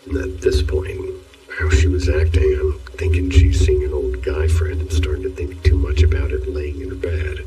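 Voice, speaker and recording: A man narrating horror stories as a scripted read in a steady, even manner. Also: very deep voice. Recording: distant voice, faint music.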